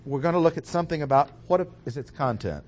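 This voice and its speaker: A man giving an expository Bible lecture, explaining a passage in a measured way and stressing key words. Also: a little high, expressive, a little mellow. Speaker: Bible teacher.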